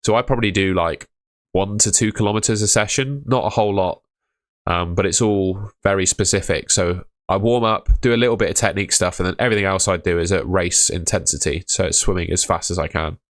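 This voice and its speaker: Deep-voiced young man, casual stream host. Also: fairly quick, dry recording, clean studio sound. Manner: offhand, matter-of-fact, calls viewers mate. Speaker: fantasy football livestream host. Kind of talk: casual livestream chat reading viewer questions.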